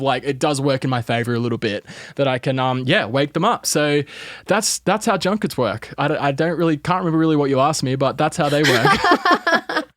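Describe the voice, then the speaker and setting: A man's voice: mid-range voice, a bit bright, dry recording, studio quality. A man with an Australian accent, chatting casually on a podcast as a guest, rambling and full of fillers. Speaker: entertainment reporter guest.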